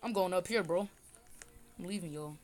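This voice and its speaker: This phone screen recording features an older woman with a lowish voice and darkish tone, speaking at normal speed. She gives teasing, lighthearted commentary while gaming with her family.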